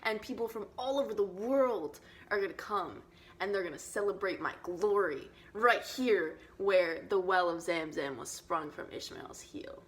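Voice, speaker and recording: A breezy God who hands out commands in easygoing slang, as a young woman puts him on. The voice sits at a middling pitch and moves along at an ordinary pace, relaxed rather than grand or booming. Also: measured pace, lightly acted. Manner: casual slang, drawling. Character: laid-back slangy God giving orders.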